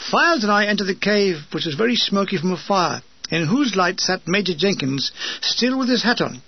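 A man narrating his war memoir with dry, deadpan comic asides. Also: high-pitched, normal speed, slightly rough, no room sound. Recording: dull lo-fi dry recording.

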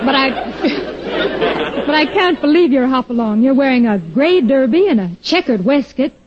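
Nervous old-west school teacher, high voice, muffled old radio show. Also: female voice, lively intonation, normal speed, a crowd in the background. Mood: fretful. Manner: breathless, fluttery. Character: flustered frontier schoolteacher, fretful. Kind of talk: 1940s radio comedy acting. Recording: lo-fi old radio recording with studio audience.

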